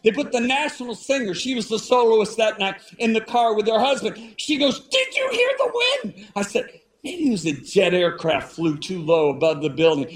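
A man's voice: sits high, lively intonation, moderate pace, few pauses. A man preaching a sermon, telling a dramatic story and acting out the voices of the people in it. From Italian-American. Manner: dramatic, acts out quoted voices; shifts between hushed and shouted.

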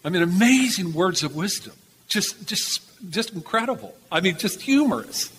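An older man preaching a storytelling sermon in a church, animated and repeating himself for emphasis. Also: high-pitched, moderate pace, a little hiss or hum. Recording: reverberant hall, faint ambience.

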